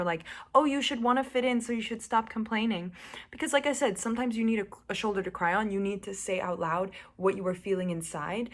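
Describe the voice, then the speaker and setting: Blunt, swearing woman vlogger. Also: mid-range voice. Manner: blunt and fiery, swears often, swings from hushed to emphatic. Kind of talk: casual direct-to-camera monologue.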